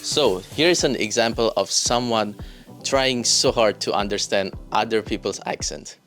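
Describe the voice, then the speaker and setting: A man's voice: lowish voice, moderate pace, a bit bright. Man from Indonesia presenting. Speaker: student presenter. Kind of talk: class presentation. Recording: faint music behind the voice.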